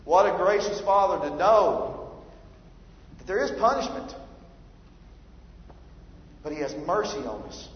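Pastor guy preaching, gets loud on scripture, big echo hall, kinda muffled. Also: a little high, very animated, slow pace, long pauses. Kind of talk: sermon. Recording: roomy hall reverb, dull lo-fi sound.

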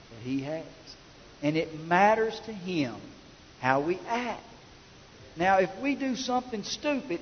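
A middle-aged pastor preaching in a folksy, chatty way, telling stories in a fairly high voice. He is heard in a church hall with a long echo, and the sound is a little muffled. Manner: folksy storytelling, conversational. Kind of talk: sermon.

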